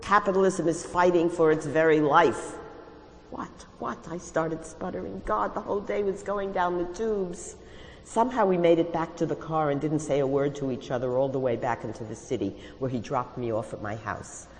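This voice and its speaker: A woman's voice: low-pitched, brisk, a little mellow, in a large hall, low-quality recording. Wry woman reading her own stories. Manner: wry, confiding first-person storytelling. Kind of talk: reading aloud at an event.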